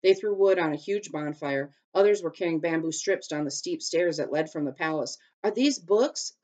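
A woman teacher reading a children's chapter book aloud in a steady, careful way, with small slips. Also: deep voice, fairly quick. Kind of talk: storybook read-aloud.

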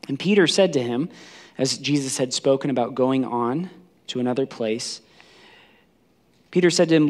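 A pastor preaching in a church, his voice set at a middle pitch for a man. He tells the story dramatically, moving between a hushed voice and loud, high bursts as he acts out the people he quotes. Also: normal speed, pauses often. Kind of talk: sermon.

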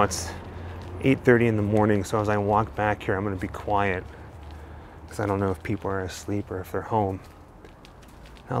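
Guy narrating a crime story outside, lots of fry in his voice, faint street sounds. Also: fairly low pitch, a little hiss or hum. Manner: steady storytelling, walking narration. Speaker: true crime channel host. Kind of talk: on-location true crime narration. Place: outdoors on a residential street.

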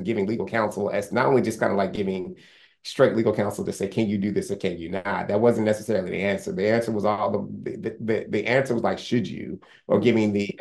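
A man with a low, gravelly voice talks quickly and candidly as an interview guest. He is earnest and rambling, restarting sentences and filling gaps as he goes. His speech has a steady, plain, conversational feel. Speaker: sports lawyer, interview guest.

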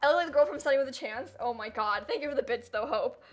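A woman's voice: sits high, fast talker, soft background music. A young woman streaming live and chatting casually, who keeps dissolving into giggles and helpless laughter.

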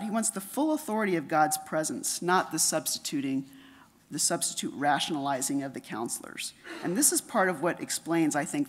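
A middle-aged woman giving a conference lecture, reading her paper in a measured way and dropping softer for quotations. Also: fairly low pitch. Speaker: conference speaker.

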